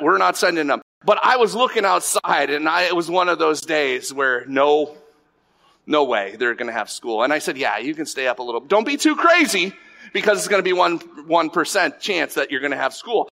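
A middle-aged male pastor with a bright, forceful voice pitched a little high. He preaches in animated bursts, stumbling over restarts and tossing asides to the congregation. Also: vocal fry. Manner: animated storytelling, many restarts and asides to the audience. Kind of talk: sermon with personal stories.

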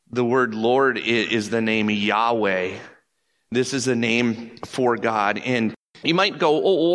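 Slow, conversational male preacher. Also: medium pitch. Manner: conversational preaching, animated, drops to soft emphatic repetition. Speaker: pastor. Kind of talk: sermon.

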